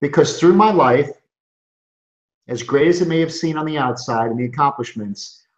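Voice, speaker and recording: A man's voice: on the high side, expressive, moderate pace. A middle-aged man, a chiropractor, giving an earnest, emphatic motivational webinar talk from his office, often restarting his sentences. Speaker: chiropractor and coaching group founder. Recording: roomy, dull lo-fi sound.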